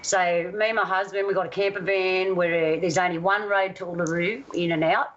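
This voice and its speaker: A woman from Australia telling a personal story in a casual, animated way, acting out the voices of the people in it. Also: on the low side, a little fast, muffled recording. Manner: animated, acts out voices in stories. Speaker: guest storyteller.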